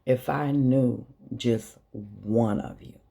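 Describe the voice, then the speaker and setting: Slow gravelly woman with a Chicago accent. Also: rumbling low, dark tone. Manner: slow, earnest and blunt, with profanity. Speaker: vlogger. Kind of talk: emotional direct-to-camera monologue.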